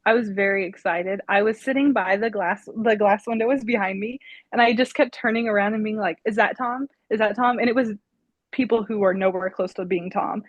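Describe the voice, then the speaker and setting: Excited playful woman, dry close sound. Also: medium pitch, brisk, dry recording, muffled recording. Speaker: fan guest. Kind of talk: casual interview recollection.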